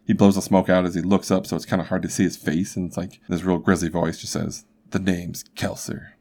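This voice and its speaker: A young man with a very low voice tells a true crime story on his podcast. He talks casually and rambles, with many filler asides. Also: level tone, quick pace, dark tone. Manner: chatty and rambling, full of "like" asides. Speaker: podcast host.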